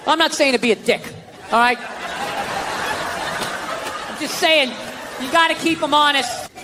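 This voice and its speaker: Brief: American comic in his fifties, high-pitched sarcastic ranting, live hall mic with audience noise all around. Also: measured pace. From United States. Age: 50s. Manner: loud, profane, sarcastic rants. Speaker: stand-up comedian. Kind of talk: stand-up comedy set. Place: large concert hall on stage. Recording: live stage recording with crowd noise. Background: audience crowd.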